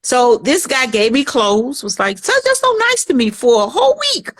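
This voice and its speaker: A woman's voice: a little high, wildly swooping pitch, normal speed. Podcast guest, a woman, earnest storytelling, acts out the voices in her tale. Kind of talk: personal testimony in a podcast interview.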